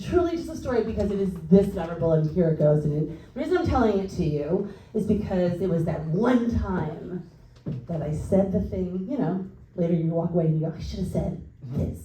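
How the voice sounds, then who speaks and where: A woman doing a stand-up comedy set in a comedy club, telling stories with quick asides. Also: lowish voice, a little hiss or hum. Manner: lively storytelling with quick asides. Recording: echoey club from a distance.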